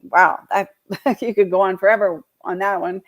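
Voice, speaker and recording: A woman's voice: medium pitch, steady tone, moderate pace. Chatty georgia lady hosting a real estate show, rambles, lots of ums and laughs. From Georgia, US South. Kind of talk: casual live-stream talk.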